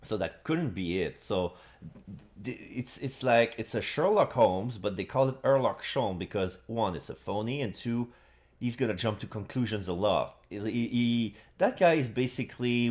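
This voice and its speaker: A male streamer with a fairly low voice commentates on a game live. His tone rises and falls a lot, and he rambles with lots of fillers and restarts. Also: expressive, normal speed, darkish tone.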